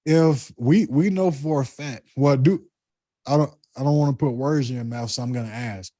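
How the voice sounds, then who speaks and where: A man with a Southern US accent talking in a deliberate, reflective way, with spiritual musings in casual conversation. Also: mid-range voice, mellow, no room sound.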